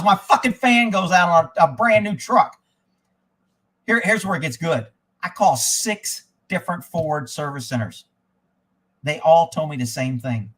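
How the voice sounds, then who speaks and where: A man's voice: a little high, lively intonation, a little slow, fairly bright tone. A middle-aged man ranting on a live stream, telling a story in a profane, exasperated way. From Texas.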